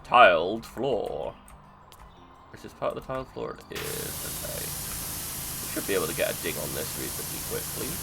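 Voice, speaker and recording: A man's voice: deep voice, sing-song, moderate pace, gravelly, over music, poor audio. A British man chatting casually while streaming a game, rambling, joking and muttering to himself as he plays. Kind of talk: casual gameplay chat.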